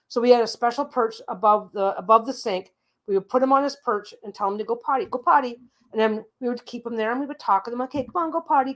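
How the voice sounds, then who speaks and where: A woman hosting her own show, telling a long casual story with lots of asides, restarts and the odd swear word. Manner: chatty, rambling, frequent asides and restarts; mimics a parrot's calls in a higher squawky voice. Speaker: host.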